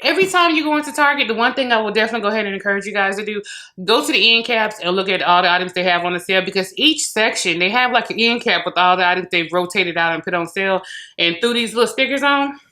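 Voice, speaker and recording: A woman's voice: medium pitch, quick pace, sharp tone. An American woman chatting casually to her viewers while reviewing beauty and hair products at home. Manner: chatty, talks straight to viewers. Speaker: beauty vlogger. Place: home room with closet behind.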